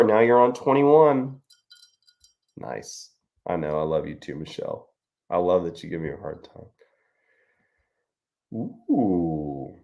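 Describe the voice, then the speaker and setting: A man's voice: lowish voice, creaky, darkish tone. A middle-aged man hosting a casual live-stream chat, joking and answering viewer comments. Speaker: host.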